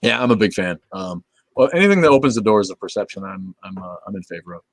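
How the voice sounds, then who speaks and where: A middle-aged man with a lowish voice chats loosely on a livestream, swearing freely and drifting between thoughts. His words often sink into quiet mumbles at the ends of phrases. The sound is dry and close, with little room around it. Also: expressive, quick pace, no echo. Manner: rambling, profane, laid-back, trailing off into low mumbles. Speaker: livestream host. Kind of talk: casual livestream chat reading viewer comments.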